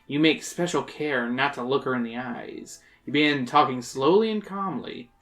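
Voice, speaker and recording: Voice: medium pitch, moderate pace, a bit bright. A podcast host reading a choose-your-own-adventure book aloud, dramatic and playful. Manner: dramatic reading that breaks into laughs and jokes.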